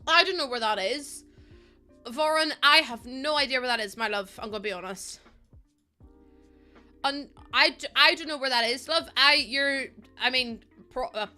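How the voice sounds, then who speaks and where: Bright-voiced Irish woman in her twenties. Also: high-pitched, normal speed, faint music behind. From Ireland. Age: 20s. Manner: chatty, rambling, laughs often. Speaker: streamer. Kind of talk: casual chat while gaming. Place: at home.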